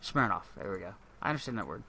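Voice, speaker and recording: Bright-voiced man rambling over gameplay. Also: on the low side, very animated, quick pace, gravelly, slight background noise. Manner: rambling, profane, thinks aloud. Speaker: gaming channel host. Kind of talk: casual gameplay commentary.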